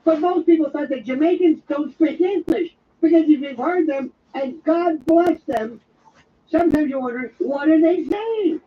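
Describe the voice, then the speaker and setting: High-voiced man rambling on late-night radio. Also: distant mic, dull audio. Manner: digressive, jokey, slips into quick impressions. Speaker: overnight radio talk host. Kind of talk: rambling comic monologue.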